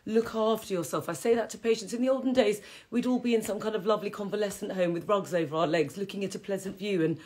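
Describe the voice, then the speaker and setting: A woman's voice: mid-range voice, quick pace, few pauses, darkish tone. Chatty middle-aged woman leading a qigong class, rambly, laughs a lot. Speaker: qigong teacher and health host. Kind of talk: casual live-streamed movement class.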